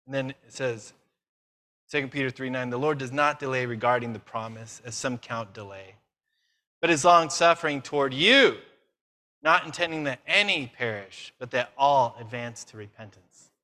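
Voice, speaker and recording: A man preaching a conference sermon, lively and self-mocking, firing questions at the audience. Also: mid-range voice, normal speed. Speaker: conference speaker.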